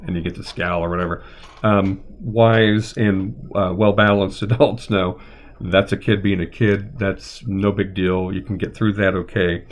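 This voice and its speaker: A middle-aged man with a lowish voice talks through a live-streamed lesson as a therapist. He rambles gently, thinking aloud and filling pauses with ums and uhs. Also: steady tone, a little hiss or hum. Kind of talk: unscripted live-stream lecture.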